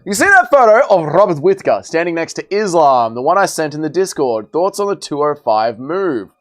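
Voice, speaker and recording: A man's voice: on the high side, very animated, fairly quick, a bit bright. A young man hosting a casual livestream, bantering as he reads and answers viewers' chat messages. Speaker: livestream host.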